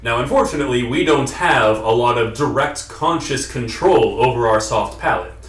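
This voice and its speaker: A man's voice: mid-range voice, expressive, normal speed, far from the mic. Man teaching voice technique in echoey room. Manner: explanatory, demonstrates vocal sounds. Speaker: voice coach. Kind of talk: instructional vlog.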